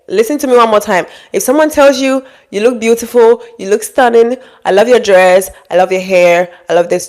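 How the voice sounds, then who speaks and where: A woman talking straight to her audience with relationship advice, bluntly scolding and acting out quoted people in high mock voices. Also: a little mellow. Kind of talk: direct-to-camera advice monologue.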